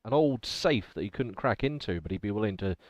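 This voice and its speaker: A man's voice: lowish voice, expressive, brisk, dry recording. A man with an English accent narrating a tabletop game as game master, hesitant and filled with ums, on slightly muffled podcast audio.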